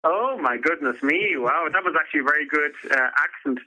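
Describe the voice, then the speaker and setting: Irish man, guest singer, very bright and sharp voice, slightly raised pitch, cheerful. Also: rough recording. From Ireland. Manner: upbeat, quick to exclaim and laugh. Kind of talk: casual phone interview.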